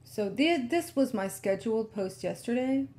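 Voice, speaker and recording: Her voice a touch high and her pace moderate, a woman tech vlogger talks herself through a screen recording in a relaxed, chatty manner, yawning and sounding sleepy as she goes.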